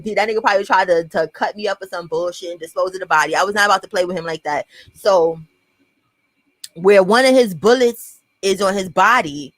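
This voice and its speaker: A woman's voice: mid-range voice, dry recording, poor audio. A young woman with a New York accent telling a personal story to camera in a blunt, profane storytime vlog, talking straight to her viewers.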